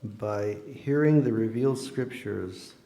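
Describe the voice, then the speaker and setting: A man delivering a sermon in a temple hall, his voice low and mellow. He tells stories and voices each person in them as he goes. The sound is roomy and echoing. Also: slow pace. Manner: storytelling, acting out quoted dialogue. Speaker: temple lecturer. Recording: echoey hall.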